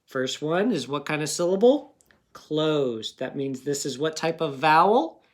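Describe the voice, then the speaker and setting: A man teaching a phonics lesson to young pupils, sounding out words slowly and asking patient questions. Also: on the high side, animated.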